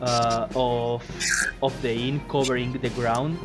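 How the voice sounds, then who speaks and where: Brief: male game master, mid pitch, meandering narration, background music. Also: level tone, takes it slowly. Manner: rambling, many fillers and restarts, laughs often.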